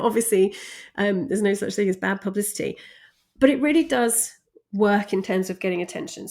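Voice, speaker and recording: A woman teaching a communication lesson, chatty and quick to laugh, stressing key words. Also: mid-range voice. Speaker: communication coach. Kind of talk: recorded lesson.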